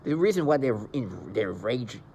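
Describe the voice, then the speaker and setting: A man's voice: medium pitch, big pitch swings, normal speed, mellow, dull audio, slight background noise. A man delivering an agitated, rambling monologue into the camera, with mocking asides. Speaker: vlogger describing being targeted. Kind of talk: angry monologue.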